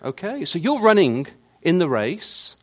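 Animated male preacher, lively pitch. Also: unhurried. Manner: animated, asks the listeners many questions; stammers and repeats words at the starts of phrases. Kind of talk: sermon.

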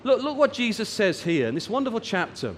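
A man delivers a sermon in a high, lively voice that climbs and drops for emphasis, stretching out the words he wants to land. His voice carries a long echo from a large hall. A faint murmur of room noise sits behind it. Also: a little fast. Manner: rises and falls for emphasis, draws out key words. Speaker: preacher.

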